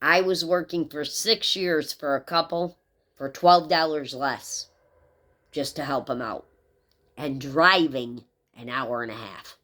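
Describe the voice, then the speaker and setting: Low voiced lady doing tarot, kinda rambly, heartfelt, chatting to her viewers. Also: slow, fairly bright tone. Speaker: tarot reader. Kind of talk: casual tarot reading vlog.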